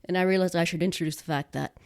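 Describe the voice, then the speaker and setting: A Canadian woman with a Nova Scotian accent talks casually on a home-recorded podcast. Her voice sits a little low, and she chats easily, often restarting her sentences. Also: steady tone, very fast, a little mellow. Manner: chatty, laughs easily, many restarts. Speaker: podcast co-host.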